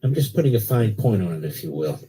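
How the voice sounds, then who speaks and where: Man, talk radio host, sarcastic, indignant, mellow tone. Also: on the low side, sing-song, fast, breathy edge. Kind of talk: opinionated talk radio monologue.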